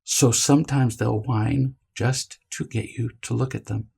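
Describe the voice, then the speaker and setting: A man with a gravelly, slightly husky voice lectures parents in a deliberate, emphatic way. He now and then slips into a whiny child voice to make a point. His pitch sits in an ordinary middle range. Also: fairly even intonation, dark tone. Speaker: parenting teacher.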